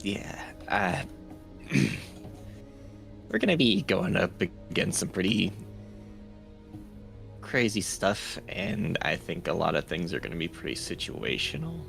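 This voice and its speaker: A man playing a tabletop game, speaking hesitantly with halting restarts. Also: sits low, very animated, gravelly, fairly bright tone, faint music behind. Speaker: player. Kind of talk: casual tabletop play.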